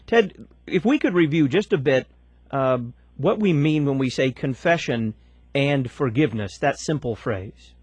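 A man hosts a radio talk show, running through upcoming segments and putting questions to his guest in a smooth, practiced announcer's manner. His voice has a slightly husky edge, and the sound is close and dry. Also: medium pitch, animated, a little slow, dry recording.

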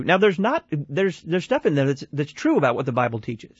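A man's voice: on the high side, sing-song, fairly quick, slightly rough, no room sound, dull audio. A man hosting a call-in radio show, giving critical commentary on a played clip in a conversational way with restarts and repeated phrases.

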